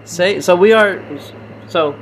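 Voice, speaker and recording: Young dude on a podcast, a bit high, excitable and rambly, sometimes talking with food in his mouth, faint hiss. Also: slow, rough recording. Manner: excitable, trailing off, eating while talking. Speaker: podcast co-host. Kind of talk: casual podcast chat.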